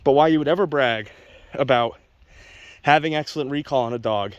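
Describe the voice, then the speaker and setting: A man's voice: medium pitch, fairly quick, no room sound, highs cut off. A man, a dog trainer, giving blunt, opinionated casual commentary to viewers while walking outdoors. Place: outdoors on a wet walk with his dog.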